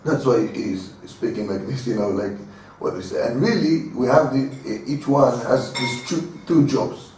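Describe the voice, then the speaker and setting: Man, rabbi, informal torah class, halting, earnest, very echoey, distant. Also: medium pitch, a little mellow, a little hiss or hum. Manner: halting, with many fillers and restarts, earnest.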